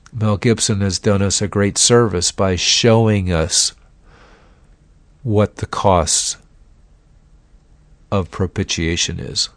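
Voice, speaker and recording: A man preaching a sermon, telling the story dramatically and slowing down to stress key words. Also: low-pitched, no echo.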